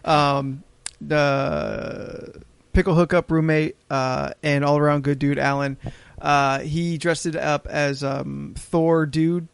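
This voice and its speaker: A man's voice: fairly high pitch, little pitch movement, slow pace, gravelly, smooth, no echo. A man hosting a podcast in casual chat, joking and teasing his guest. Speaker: podcast host. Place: podcast studio.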